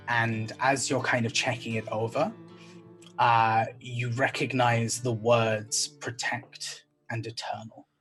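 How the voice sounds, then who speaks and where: A man narrating a tabletop game as game master, describing scenes in a measured way. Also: medium pitch, flat delivery, fairly bright tone, faint music behind, low-quality recording.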